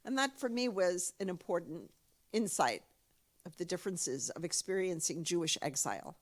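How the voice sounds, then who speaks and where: A woman's voice: lowish voice, normal speed. A woman with an American accent giving a public lecture, telling jokes animatedly and repeating phrases as she thinks. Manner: animated, laughs at own stories, repeats phrases.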